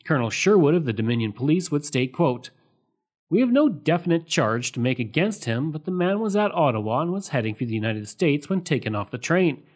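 Man narrating history in measured tones. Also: a little high, very animated. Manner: measured, reads sources aloud marked with quote and end quote. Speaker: history podcast host.

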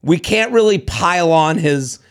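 A man's voice: a little high, lively intonation, measured pace, smooth. A man co-hosting a podcast, reading a listener's story aloud in casual chat, playful and laughing often. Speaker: podcast co-host.

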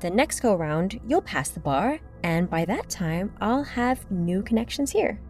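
Young wife, teasing and upbeat, slight fry, voiced by a woman; faint music bed. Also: mid-range voice, very animated, a little slow, a little mellow. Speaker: narrated story character. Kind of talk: audio drama dialogue.

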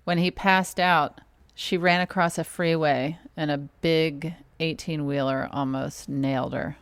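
A woman's voice: low voice, fairly even intonation, unhurried, clear, resonant tone, no echo. A woman co-hosting a podcast in casual chat, with a dry, teasing manner. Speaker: podcast co-host.

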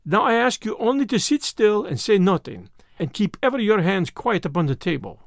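Guy putting on a shaky medium, high voice, begs and trembles. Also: very animated, normal speed, gravelly, dry recording, studio quality, exaggerated voice. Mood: hushed, insistent. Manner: trembling, pleading, formal phrasing. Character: agitated French male medium at a seance.

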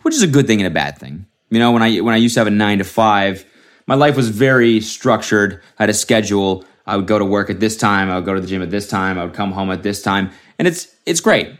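A young man with a fairly low-pitched voice, hosting his own comedy podcast alone. He rambles in a loose, profane way and keeps restarting his sentences as he riffs. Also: animated, quick pace. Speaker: podcast host. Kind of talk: solo comedic podcast monologue.

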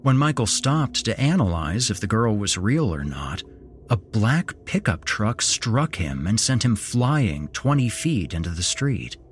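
A man narrating a horror story in a slow, measured storytelling manner as podcast host. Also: fairly low pitch, sing-song, a little hiss or hum.

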